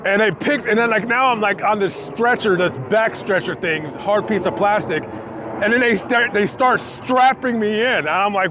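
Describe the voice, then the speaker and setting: A man vlogging outdoors by a busy street, telling a story with lively acted-out quotes. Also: high-pitched, normal speed. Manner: animated storytelling, acting out quotes. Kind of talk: storytime vlog told on location. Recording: faint street noise outdoors. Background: passing traffic.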